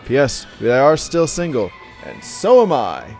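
A man's voice: mid-range voice, wildly swooping pitch, measured pace, creaky, darkish tone. A man hosting a let's play, chatting casually and rambling over the game's closing credits. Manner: laid-back, rambling, mumbling asides. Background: game music.

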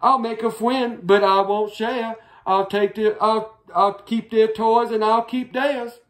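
A woman's voice: a little high, fairly even intonation, unhurried, close to an everyday voice. A woman voicing a selfish young creature boy who hoards toys, in a storybook reading. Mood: sulky. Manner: stubborn, whiny and possessive.

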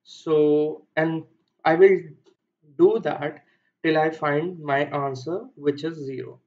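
Slow-talking Indian man explaining code. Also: fairly high pitch, steady tone, a little mellow, dull audio. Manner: thinking aloud with frequent fillers and self-corrections. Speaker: coding tutor. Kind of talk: screen-recorded coding walkthrough.

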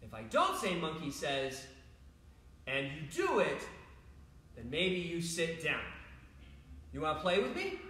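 A man's voice: a little high, wildly swooping pitch, a little slow, long pauses, pushed and bright, heavy reverb. A man coaching a children's home gymnastics workout, upbeat and playful, talking straight to the kids watching. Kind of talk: kids' home workout lesson.

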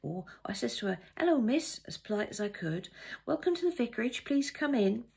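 A woman's voice: on the high side, very animated, fairly quick, gravelly, a little mellow, breathy edge, pitched above the performer's own voice, full character voice. A woman reading aloud, voicing a young, fretful, gossipy housemaid in a story. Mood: chattering.

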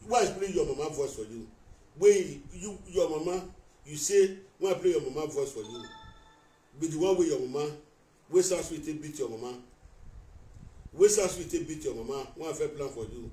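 A man's voice: a little high, lively intonation, moderate pace, dark tone. Angry Nigerian man ranting in an echoey room. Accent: Nigerian Pidgin English. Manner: accusatory, repetitive, talking straight at someone. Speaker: vlogger addressing a rival on a live video. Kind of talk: heated live-stream rant. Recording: echoey room, mic at a distance.

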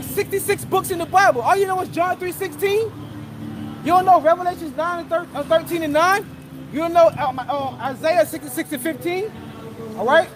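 A man preaching on a street corner, fiery and profane, tagging his lines with "man" and "bro". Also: very high-pitched. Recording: street recording with crowd noise. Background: crowd and passing traffic.

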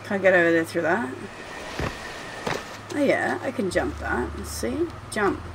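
A woman's voice: mid-range voice, animated, measured pace, background noise. A woman commentating her gameplay at home, chatty and swearing freely as she talks to the game. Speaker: gameplay streamer. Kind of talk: let's play commentary.

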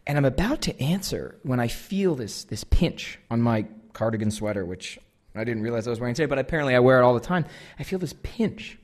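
A man's voice: medium pitch, lively intonation, a little fast. A man in his thirties with an American accent, telling a comic, self-deprecating story to a live audience and acting out the dialogue. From United States. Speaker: guest speaker.

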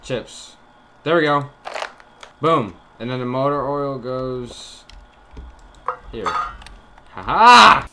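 A man's voice: medium pitch, fairly even intonation, slow pace, pauses often, noisy background. A young man giving jokey commentary on a horror game, talking straight to his viewers. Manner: chatty, jokey, talks to viewers. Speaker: gaming YouTuber. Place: dark room at home. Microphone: desk mic, face cam.

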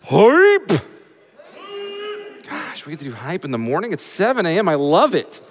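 A man works the crowd as a live event host, full of playful, showy banter and fancy words. His voice sits high and swoops all over the place. The sound carries a long hall reverb. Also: sing-song, fast. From Atlanta, US. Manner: playful, showy emcee patter with big words. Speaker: marathon host. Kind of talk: hyped live event hosting.

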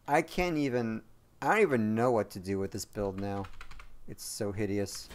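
A man streaming a game live, chatting and rambling to his viewers, joking and quick to apologize. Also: on the low side, expressive. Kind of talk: live gameplay commentary to chat.

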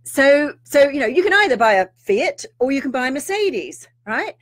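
A middle-aged woman, a spiritual teacher talking to viewers in an animated, ranting way with mock-outraged asides. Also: high-pitched, normal speed. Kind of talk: live-streamed rant to viewers.

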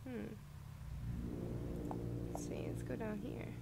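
A woman narrating a let's-play in an unhurried, fairly high voice. She reads game dialogue aloud with gentle reactions, over a noticeable background hiss. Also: wildly swooping pitch, gravelly. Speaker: gaming video host.

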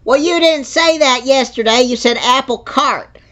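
A man's voice: very high-pitched, normal speed, pushed and bright. A man putting on Betty, a flustered old woman. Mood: exasperated. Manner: rambling, exasperated, repeats herself. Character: older woman, flustered and easily confused. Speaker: scam baiter. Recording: muffled phone-call audio.

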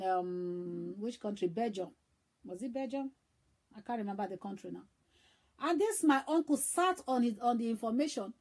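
Nigerian woman evangelist, fairly high voice, mellow and husky, fervent repetitive preaching. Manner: fervent and exhorting, repeats phrases for emphasis. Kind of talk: emotional sermon.

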